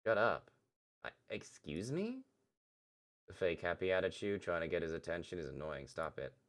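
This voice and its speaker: A man's voice: deep voice, very animated, normal speed. A man reading a spiteful, muttering teen girl. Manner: cold, muttered insults. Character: hostile sharp-tongued teen girl.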